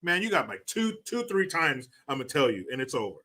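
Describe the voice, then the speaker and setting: A man on a casual livestream, thanking donors and riffing on their messages. His voice is bright and forceful, and he talks bluntly, jokes a lot and swears freely. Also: a little high, sing-song, brisk. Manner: profane, joking and blunt. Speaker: livestream host. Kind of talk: casual livestream chat reading donations.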